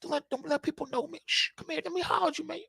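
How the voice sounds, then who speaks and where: A man voicing a broke rapper who talks in a hushed, urgent way. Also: extremely high pitch, fairly even intonation, rapid-fire, gravelly, no echo, clean studio sound, pitched above the performer's own voice, full character voice.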